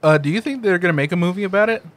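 A man on a casual podcast, asking questions quickly and laughing along with the others. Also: high-pitched.

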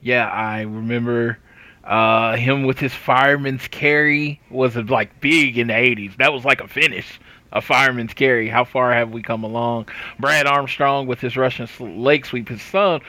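Brief: man, podcast co-host, bright, dry close mic, excitable and quick to laugh. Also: medium pitch, dry recording. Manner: excited, laughing, talks over himself with restarts. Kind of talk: casual podcast chat. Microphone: remote call mic.

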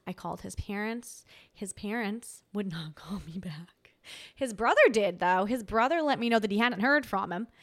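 A woman hosting a podcast, telling a personal story in an animated, dramatic way and acting out quoted voices. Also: mid-range voice, moderate pace. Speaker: podcast host. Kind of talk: casual storytelling.

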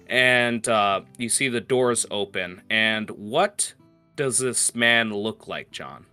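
A man's voice: lowish voice, takes it slowly, sharp tone, clean tone, soft background music. A man narrating a tabletop game as game master, in a casual way with many filler words.

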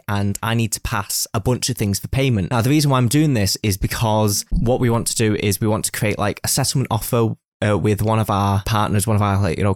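A man's voice: on the low side, no room sound, studio quality. A man chatting casually, teasing and telling a long story about his office work. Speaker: office worker. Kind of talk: casual chat.

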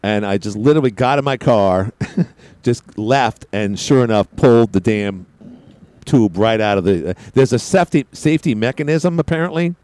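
A man's voice: normal speed, dry recording. Rambling, self-mocking male radio host. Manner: rambling, self-mocking storyteller with lively pitch swings. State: a little out of breath. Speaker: radio talk show host. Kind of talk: casual radio monologue.

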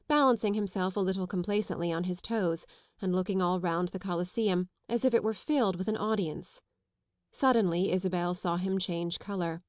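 A woman narrating a classic novel as an audiobook, reading steadily and clearly. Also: medium pitch, a little mellow, dry recording, clean studio sound. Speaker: audiobook reader. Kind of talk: scripted literary narration.

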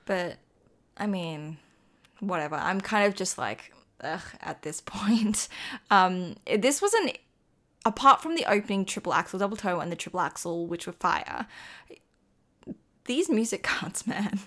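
A young Australian woman co-hosting a casual commentary chat, slangy and quick to laugh. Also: mid-range voice, lively intonation, fairly bright tone. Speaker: co-host.

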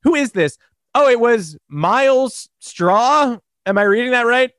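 A man co-hosting a sports podcast, hoarse and animated, talking in a sarcastic, rambling way. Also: very high voice, unhurried, no echo, studio quality. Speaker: podcast co-host. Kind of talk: casual sports podcast chat.

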